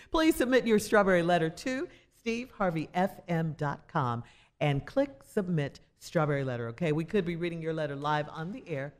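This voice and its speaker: A woman's voice: low-pitched, animated, moderate pace. A woman radio co-host reading a listener's advice letter aloud, laughing easily.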